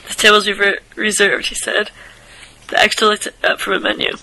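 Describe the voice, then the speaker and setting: Creaky-voiced man reading a story aloud. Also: sits high, normal speed, a little hiss or hum, low-quality recording. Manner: stumbles and restarts over words, drops to soft asides. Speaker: reader. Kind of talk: casual read-aloud of a short story.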